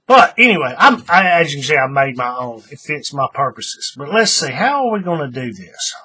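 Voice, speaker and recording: A man's voice: on the high side, big pitch swings, moderate pace, pushed and bright, slightly rough. A man hosting a casual craft tutorial, thinking aloud as he works and often restarting his sentences. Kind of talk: casual how-to demonstration.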